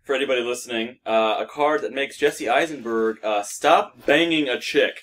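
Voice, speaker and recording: A man's voice: mid-range voice, moderate pace, a bit bright. Blunt, profane young man reviewing a film. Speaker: podcast co-host. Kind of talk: casual movie review chat.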